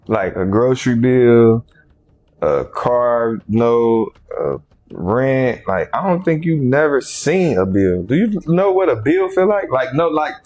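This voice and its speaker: A man's voice: mid-range voice, darkish tone. A man ranting in exasperation about bills during a casual couple's skit. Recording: dull lo-fi sound.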